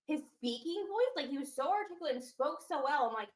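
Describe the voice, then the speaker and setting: A woman's voice: sits high, animated, quick pace, reverberant, low-quality recording. A woman co-hosting a casual wrestling recap, retelling a segment with a lot of emotion and plenty of fillers. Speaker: podcast co-host.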